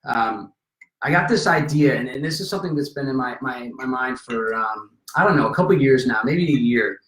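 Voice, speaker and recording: A man in casual conversation telling a story with lively energy, acting out the people in it. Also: medium pitch, fairly quick. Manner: animated, acts out voices in anecdotes. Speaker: podcast guest. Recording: roomy echo.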